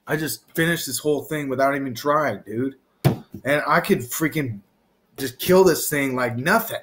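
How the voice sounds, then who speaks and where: A man's voice: mid-range voice, normal speed, a bit bright. A man talking to camera in a loose, meandering way, trailing off and restarting his thoughts. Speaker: vlogger. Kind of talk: rambling casual monologue.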